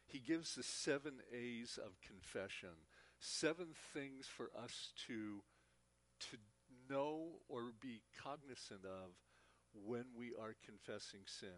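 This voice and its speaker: A man's voice: medium pitch, a bit bright. A man teaching a Bible class, speaking earnestly and often repeating words as he talks. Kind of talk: church teaching talk.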